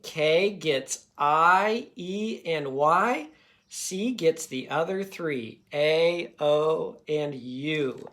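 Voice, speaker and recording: A man's voice: fairly high pitch, fairly bright tone. A man teaching a children's phonics lesson, patiently sounding out words syllable by syllable.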